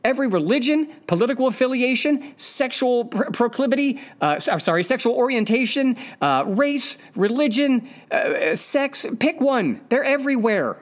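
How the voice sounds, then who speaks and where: A man's voice: extremely high pitch, animated, normal speed, few pauses. A man hosting a podcast, delivering a blunt, profane, opinionated monologue with emphatic repetition of his points. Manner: emphatic, repeats key points. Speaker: podcast host.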